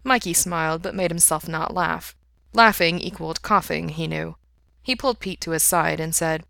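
Calm woman narrating a story. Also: low voice, moderate pace, gravelly, no room sound, clean studio sound. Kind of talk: audiobook-style fiction reading.

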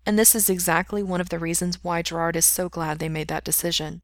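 Rich: A woman reading fiction aloud in a steady, plain way. Her voice sits on the low side. The recording is dry and close. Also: brisk, no room sound. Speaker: reader. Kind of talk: audiobook narration of fiction.

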